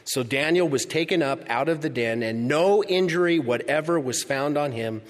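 A man preaching a sermon, reading scripture and swinging from loud, emphatic lines to hushed ones. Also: mid-range voice, big-room sound. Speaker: pastor.

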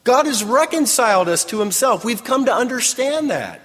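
A man's voice: very high voice, lively intonation, moderate pace, a bit bright. A man preaching a sermon as pastor, with emphatic call-and-response. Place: church sanctuary. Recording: long reverb in a large hall.

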